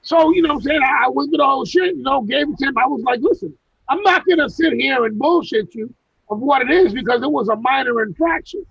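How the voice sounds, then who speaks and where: A man's voice: very high voice, fast talker, gravelly, husky, no echo, lo-fi sound. A man on a video call telling long, profane stories from his life, rambling with many restarts. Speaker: guest recounting personal stories. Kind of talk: casual chat on a video call. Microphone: video call mic.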